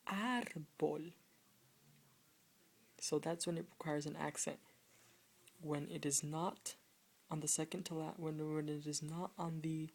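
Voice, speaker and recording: A woman teaching a video lesson on Spanish grammar rules, explaining patiently and haltingly, often restarting phrases and pointing at written words. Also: low-pitched, vocal fry, darkish tone.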